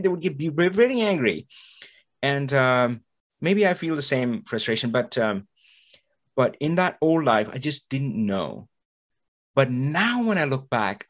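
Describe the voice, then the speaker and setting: A man's voice: medium pitch, moderate pace. A man hosting a podcast, talking in a motivational monologue and acting out the voices of the people he quotes. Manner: animated, acts out quoted voices. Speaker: podcast host. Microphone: studio mic, audio only.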